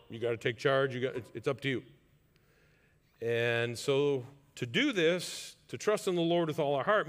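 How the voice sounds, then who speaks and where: A man's voice: on the high side, a bit bright, in a large hall. A man preaching a sermon as pastor, earnest and conversational, building to emphatic points.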